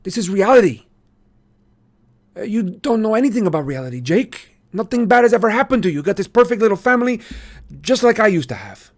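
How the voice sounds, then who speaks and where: A man voicing a sarcastic, wary teenage boy with a sharp, needling manner, in an audiobook-style reading. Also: high voice, wildly swooping pitch, brisk, slightly rough, pitched above the performer's own voice, exaggerated voice. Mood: bitter. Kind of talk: reading a novel aloud on a stream.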